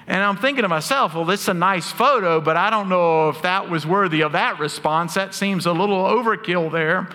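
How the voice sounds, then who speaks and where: A man's voice: high voice, fairly quick, hardly any pauses, sharp tone. A man, preaching a sermon as pastor, telling stories earnestly with touches of humor. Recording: long hall reverb.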